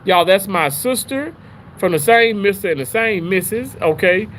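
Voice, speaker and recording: A man hosting a casual livestream, chatting with viewers in an animated, rambling way, full of restarts. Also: moderate pace, a little hiss or hum, poor audio. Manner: animated, rambling, with frequent restarts and pitch jumps. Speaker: livestream host reading chat.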